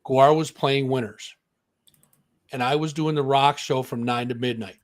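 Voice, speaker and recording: A man's voice: mid-range voice, fairly even intonation, a little slow. A man co-hosting a music talk show, telling a story in casual chat and acting out the voices of the people in it.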